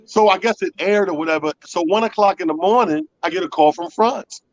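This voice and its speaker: A man's voice: high voice, a little fast, dry recording, muffled recording. A man telling a comic story in casual talk, acting out the voices of the people in it. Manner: animated, acts out quoted voices. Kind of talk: comedic storytelling.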